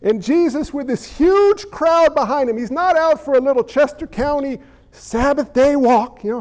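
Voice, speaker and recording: Pastor, male, very high voice, animated storytelling sermon, voices his characters. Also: normal speed. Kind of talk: sermon with acted-out scenes.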